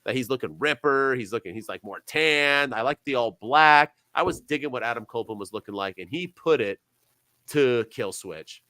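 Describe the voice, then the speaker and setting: A young man co-hosting a casual wrestling podcast, talking with sarcasm and swinging between loud bursts and quiet asides. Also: mid-range voice, brisk, few pauses, no echo. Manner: animated, sarcastic, jumps between loud and soft. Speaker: podcast co-host.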